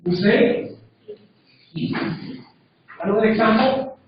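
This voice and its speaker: A high-voiced man with as his leads a classroom lesson, taking it slowly and checking with the class. He is heard from across a very echoey room on a dull, lo-fi recording. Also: expressive, recorded from a distance, background noise. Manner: drills pronunciation, checks with frequent "okay?". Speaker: English teacher.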